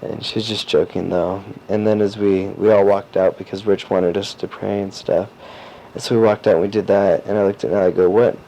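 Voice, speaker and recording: A teenage boy recording a personal audio diary, rambling and halting with lots of fillers and restarts. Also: sits low, fairly even intonation, mellow. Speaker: diarist. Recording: dull lo-fi cassette tape with faint hiss.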